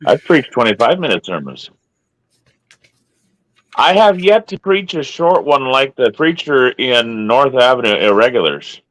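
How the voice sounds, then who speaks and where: A man hosts a casual church chat, with jokey stories about preaching. He talks at an unhurried pace, and the sound is dry and close. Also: medium pitch, very animated, fairly bright tone, no room sound, low-quality recording. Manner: jokey storytelling. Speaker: preacher and host. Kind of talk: casual chat and hymn singing.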